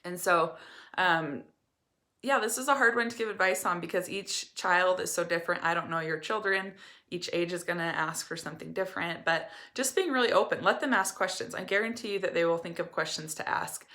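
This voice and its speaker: A woman's voice: fairly low pitch, brisk, sharp tone. A woman recovery coach giving candid, earnest personal advice to camera. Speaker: eating disorder recovery coach.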